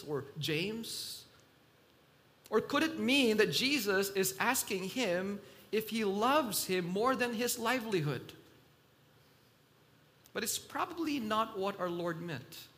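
A man preaching a sermon in a slow, emphatic delivery that swells loud and drops soft. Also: high voice.

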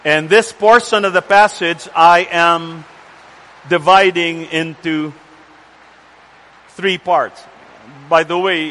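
A male pastor delivers a sermon with a high, bright, ringing voice. He speaks deliberately and with emphasis, repeating key words. The sound carries a long hall reverb. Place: church center with rain on the roof.

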